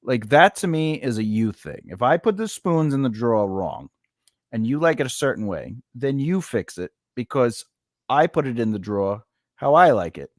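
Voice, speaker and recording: In clean studio audio without room sound, a male comedian and actor with a mid-range voice talks casually at a moderate pace. He tells stories with animation, performing both sides of domestic arguments.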